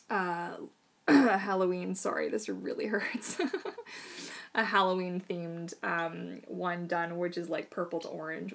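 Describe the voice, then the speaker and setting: A woman's voice: fairly low pitch, creaky. A woman hosting a casual live Q&A stream as a mermaid tail maker, chatty and bubbly, with lots of fillers and frequent laughter.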